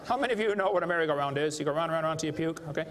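A man's voice: fairly high pitch, very fast. A man giving a live seminar lecture to an audience, joking and emphatic as he plays to the crowd. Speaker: creationist speaker. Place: large hall with a live audience. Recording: echoey hall with faint background noise.

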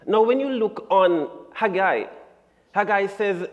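A man presents a Bible lesson in a church sanctuary. He speaks slowly in a fairly high voice, stressing key words emphatically. His voice rings with the long echo of the church hall. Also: lively intonation. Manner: deliberate and emphatic, building to strong stresses. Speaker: Sabbath School lesson presenter.

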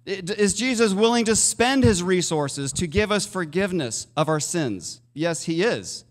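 A man's voice: sits high, lively intonation, a little slow, long reverb tail. A male pastor preaching a sermon in a conversational way, asking his listeners questions. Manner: conversational, asks the congregation questions. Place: church sanctuary.

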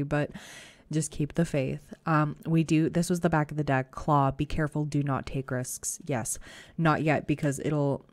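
A woman giving a casual, chatty pick-a-card tarot reading, reassuring and full of fillers, her voice a bit rough today. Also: low-pitched, a little mellow, no echo. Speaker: tarot reader.

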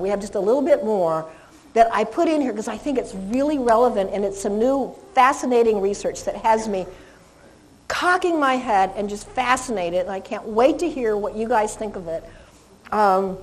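A woman dog trainer giving a seminar lecture to a live audience, animated and laughing, singing names in a high voice. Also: moderate pace, poor audio.

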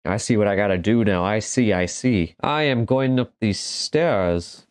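Low-voiced gamer dude cracking jokes and yelling at the game, dry close sound. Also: male voice, unhurried, no echo. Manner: jokey, exclaims and talks back to the game. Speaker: gaming commentator. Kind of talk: casual let's-play commentary.

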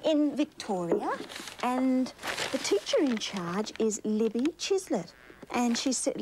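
Hosting a children's TV program, an Australian woman with a slightly high but darkish voice uses a coaxing, sing-song delivery and lots of tag questions aimed at young viewers. The recording is rough, with a bit of hiss or hum.

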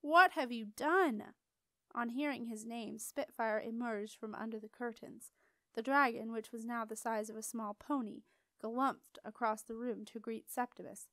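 A woman reading a children's storybook aloud with expressive, lively storytelling. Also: a little high, normal speed, no room sound. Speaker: audiobook reader. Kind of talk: storybook narration.

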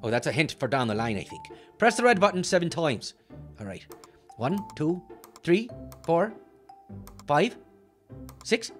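A clumsy, hot-tempered cartoon leprechaun with a lilt, acted out by a man, bragging and grumbling as he plays a game. His pitch swings wildly from low mutters to high squeals. Faint music plays behind him. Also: very animated, a bit bright. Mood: excitable. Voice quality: boastful, bouncy, quick to get annoyed. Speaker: let's-play host. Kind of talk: cartoon character game commentary.

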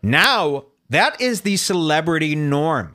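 A man's voice: a little high, very animated, takes it slowly, bright, forceful tone. A man hosting a solo podcast, delivering incredulous, ranting commentary and reading social media posts aloud. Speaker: podcast host.

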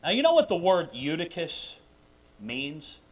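A man preaching a sermon in a church sanctuary, emphatic and full of questions to the congregation, swinging between loud bursts and quiet asides. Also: a little high, wildly swooping pitch, a little slow, slight background noise. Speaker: pastor. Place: church sanctuary during a live service.

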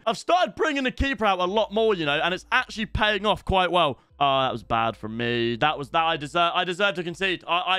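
A young British man giving excitable live commentary over a football video game, chatting with viewers and shouting at goals. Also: fairly high pitch, clear, resonant tone, dry recording. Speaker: gaming streamer.

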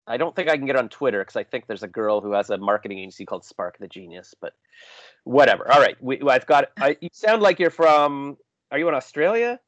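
A man's voice: mid-range voice, animated, a little fast, fairly bright tone, dry recording. A man hosting a podcast interview, chatty and self-deprecating, rambling with restarts over a remote call. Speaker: podcast host. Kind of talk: casual interview chat. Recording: dull lo-fi call audio.

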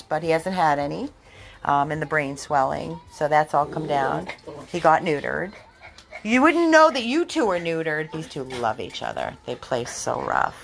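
A woman's voice: sits low, gravelly. A woman running a dog rescue, chatting casually to viewers and cooing at her dogs in baby talk. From Florida.

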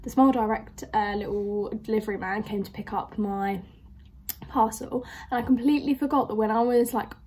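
A woman's voice: mid-range voice, fairly quick, dark tone, slight background noise. A young woman, chatting and telling stories animatedly as a reaction vlogger. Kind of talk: casual reaction vlog storytelling.

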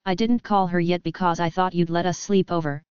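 A woman voices a spoiled young woman who whines at everything. Her tone stays smooth and a little low. The track sounds dull and dry. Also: fairly even intonation, brisk, a little mellow, dry recording, close to an everyday voice. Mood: whiny. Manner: whining.

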